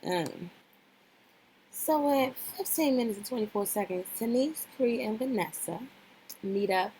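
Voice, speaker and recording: A reality show recap vlogger speaks a little slowly in an expressive, mellow voice on the high side, with a little hiss or hum in the audio. She gives blunt, opinionated commentary, swears freely, and repeats herself for emphasis while addressing the people she discusses directly.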